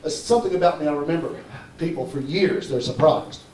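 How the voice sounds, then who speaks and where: A fairly high-voiced man speaks to a conference crowd with a warm, mellow tone and a persuasive pitch. He keeps checking in with the audience. The sound is roomy and distant, as if caught from across a hall. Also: fairly quick, a little hiss or hum. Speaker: conference presenter. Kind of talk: live conference talk.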